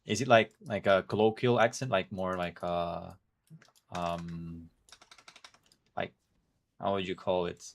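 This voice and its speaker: Deep-voiced streamer, Portuguese native. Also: male voice, steady tone, gravelly. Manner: chatty, halting, thinks aloud while playing. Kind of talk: casual gameplay stream chat.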